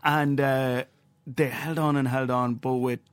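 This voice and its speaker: An Irish man, a journalist guest, telling an animated anecdote in casual chat. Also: medium pitch, unhurried, clean tone, dry recording. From Ireland.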